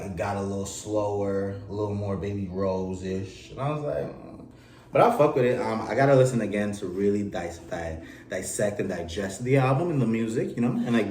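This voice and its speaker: A man's voice: fairly low pitch, fairly quick. A young adult man co-hosting a podcast in slangy, joking, casual chat. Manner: slangy, joking, animated banter. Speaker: podcast co-host. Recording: roomy, distant mic, light noise.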